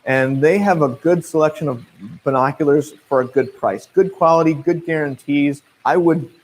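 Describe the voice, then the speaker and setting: A man in his thirties with a Midwestern US accent, working as a naturalist and answering viewer questions in a relaxed, chatty way full of fillers and restarts. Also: on the high side, normal speed, poor audio. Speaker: naturalist guide. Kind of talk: casual livestream Q&A.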